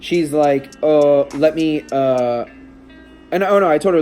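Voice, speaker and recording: A man recounts a story to camera in a casual vlog, his slightly high voice mellow and soft-edged. He rambles and restarts often, sounding shaken and emotional. Faint music plays behind him. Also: a little slow. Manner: rambling, with frequent restarts and fillers. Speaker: vlogger and stepdad.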